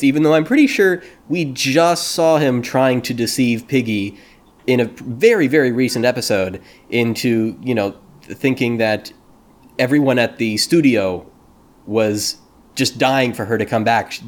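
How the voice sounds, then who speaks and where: A man hosting a casual podcast chat, joking and animated as he talks. His voice sits in a middle pitch. He sounds playful and easygoing. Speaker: podcast host.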